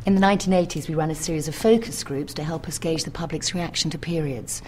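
A woman delivering a scripted, deadpan apology as a company executive in a video ad. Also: sits low, fast talker, a little hiss or hum, lightly acted. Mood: mock-solemn.

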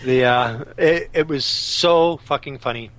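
A man's voice: medium pitch, a little slow, fairly bright tone. A man co-hosting a podcast in casual chat, blunt and swearing freely. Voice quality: swears freely, blunt, reads aloud with emphasis. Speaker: podcast co-host.

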